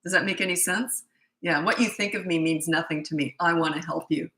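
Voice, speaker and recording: A woman's voice: lowish voice, a little fast, a bit bright, reverberant, a little hiss or hum, rough recording. A middle-aged woman coaching parents in a casual Q&A, blunt, emphatic and repetitive. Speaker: parenting coach answering viewer questions. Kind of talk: casual live Q&A.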